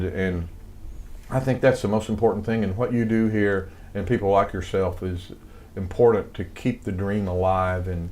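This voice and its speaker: A man's voice: on the low side, darkish tone. An older man with a Southern accent, rambling through stories as an interview guest with many fillers. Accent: American Southern. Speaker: guest, music composer. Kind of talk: casual interview storytelling.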